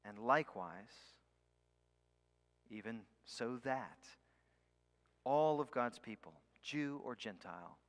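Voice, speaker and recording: A man preaching a sermon. He leans hard on key words, slows right down on them, and sometimes drops almost to a whisper. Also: mid-range voice, lively intonation. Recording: long hall reverb.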